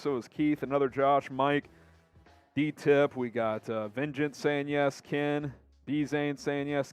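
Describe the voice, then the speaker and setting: A man hosting a live sports show, quickly reading viewer names and comments aloud in an upbeat way. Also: fairly high pitch, no echo.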